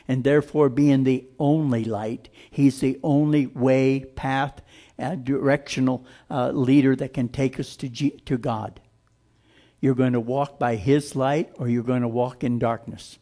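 A man preaching a sermon, blunt and emphatic, slowing down to stress scripture lines. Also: medium pitch, fairly even intonation, warm tone.

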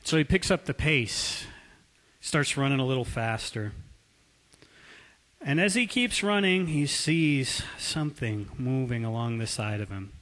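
A man preaching a sermon as a pastor, telling a story with drawn-out emphasis. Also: mid-range voice, expressive, fairly bright tone. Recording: long hall reverb.

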